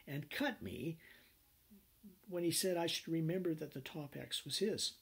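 Guy doing a grown son, earnest, pitched up, kinda husky. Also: unhurried, a bit bright, exaggerated voice. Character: young adult son, earnest witness.

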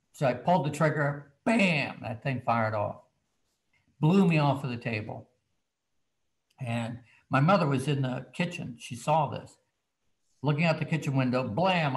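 Animated man telling a story. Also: medium pitch, gravelly, poor audio. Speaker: children's book author guest. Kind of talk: casual storytelling.

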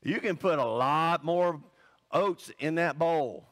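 A male pastor preaching a sermon in an animated, conversational way, full of asides and exclamations. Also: on the high side, slow pace.

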